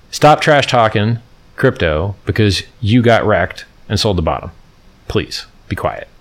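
A man's voice: low voice, animated, moderate pace. A man hosting a casual livestream, rambling and mocking, reading from his screen and talking to viewers in chat. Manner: reads from the screen and chats with viewers. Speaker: livestream host.

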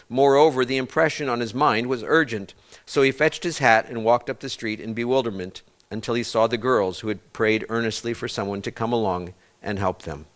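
A male pastor preaching a sermon in a church, with a voice of ordinary middle pitch. He tells long stories, stops and restarts words as he goes, and turns to the congregation with questions. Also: a bit bright.

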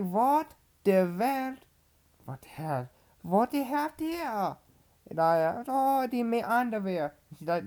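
A woman's voice: medium pitch, a little mellow. A woman playing a bumbling male farmer who tells absurd stories in a rambling, repetitive, easily sidetracked way, with mock outrage. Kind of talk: comic podcast monologue in character.

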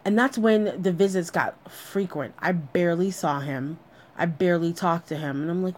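Woman, slightly low register, blunt and profane, personal storytelling monologue. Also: normal speed.

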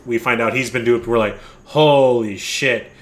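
A man's voice: medium pitch, little pitch movement, fast, a bit bright. A man co-hosting a podcast, chatting casually about a movie, rambling with lots of restarts and swearing freely. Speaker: podcast co-host.

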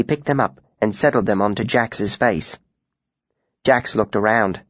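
A man reading a first-person audiobook in a measured, expressive storytelling manner. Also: on the low side, no room sound. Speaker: audiobook narrator. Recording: dry, slightly muffled studio recording.

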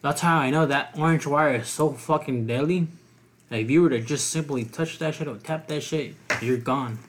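A man's voice: a little high, moderate pace, slight background noise. Blunt, profane young male co-host. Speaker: podcast co-host. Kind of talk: casual chat.

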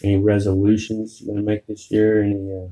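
A man with a low, mellow voice co-hosting a podcast. He keeps throwing in wisecracks. His tone is dark and relaxed. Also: a little fast, rough recording. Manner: wisecracking interjections. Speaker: podcast co-host. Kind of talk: casual chat.

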